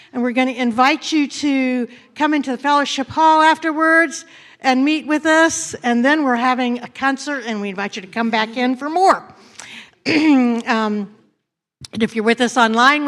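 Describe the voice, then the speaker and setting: A woman senior minister welcoming her congregation and then guiding them through a slow, soft meditative prayer in a church sanctuary. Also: sits high.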